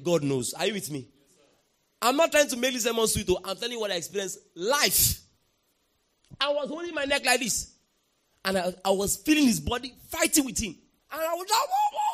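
A man with a fairly high voice preaches a sermon in an emphatic way. He keeps asking the congregation to answer back and breaks into sudden shouts. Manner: emphatic, calls for congregation response, bursts into shouts. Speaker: pastor.

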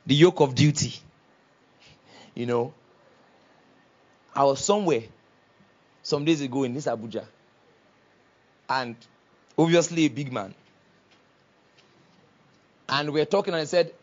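A male pastor preaching a sermon, calling on the congregation to respond and rising to loud exclamations. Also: mid-range voice, expressive, measured pace, pauses often, highs cut off.

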